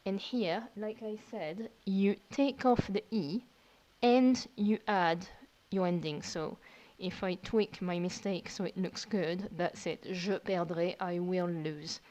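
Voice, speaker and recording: A woman's voice: medium pitch, takes it slowly, darkish tone, low-quality recording. A woman teacher, patiently explaining verb tenses step by step in a recorded lesson. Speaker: French teacher.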